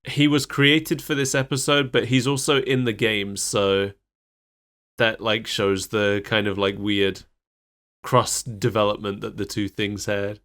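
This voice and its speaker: A man's voice: lowish voice, little pitch movement, measured pace, a bit bright. A man co-hosting a podcast, recapping a cartoon episode in casual chat and laughing often. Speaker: podcast co-host.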